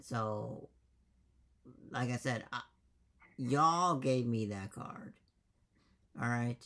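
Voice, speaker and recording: Gravelly man, rambling. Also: mid-range voice, very slow, bright, forceful tone. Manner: rambling, emphatic, swears freely. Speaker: dungeon master. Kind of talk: casual post-game chat.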